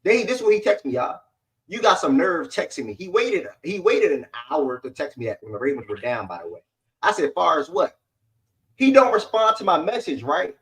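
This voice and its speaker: A man hosting a sports show who argues quickly, repeats his phrases and needles his co-host. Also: on the high side, sing-song, poor audio. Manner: fast, keeps repeating phrases, mocking. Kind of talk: heated sports debate.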